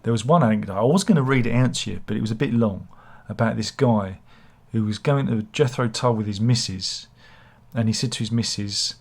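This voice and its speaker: A man chats his way through a casual book review. His voice is husky and rough, and his delivery wanders, mixing sardonic jabs with cheerful self-mockery. The pitch sits in an ordinary middle range. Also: a little fast, darkish tone. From England. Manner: rambling, sardonic and self-mocking. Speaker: book reviewer, channel host.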